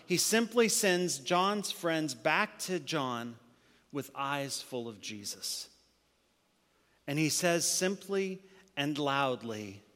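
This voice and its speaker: A male pastor preaching a sermon, moving between loud emphatic passages and hushed, near-whispered lines. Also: on the high side, lively intonation, slow pace, long reverb tail.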